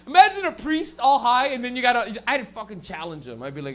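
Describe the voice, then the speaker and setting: A man's voice: extremely high pitch, animated, brisk, pushed and bright. A young man doing stand-up, loose and profane, working and teasing the crowd. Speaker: stand-up comedian.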